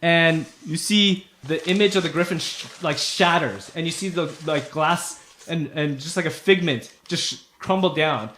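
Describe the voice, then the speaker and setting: A man's voice: a little high, moderate pace, bright, forceful tone, slight background noise. A man running a tabletop game as game master, narrating in a casual, loose way with fillers.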